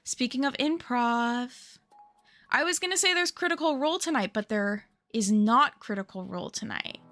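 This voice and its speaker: A woman's voice: a little high, animated, normal speed, a bit bright, faint music behind. A young adult woman streamer in casual chat with her viewers, rambling, giggly and answering chat as she goes.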